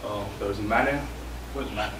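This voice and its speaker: A man hosting a podcast event, introducing the team in a relaxed, laid-back way with frequent ums. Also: lowish voice, slow. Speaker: podcast host. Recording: echoey room, far from mic, noisy.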